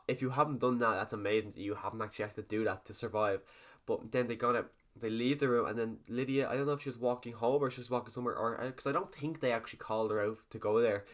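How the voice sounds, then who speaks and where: Fast-talking young man. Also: mid-range voice. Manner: rambling, animated, swears freely. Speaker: TV episode reviewer. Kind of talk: casual video review.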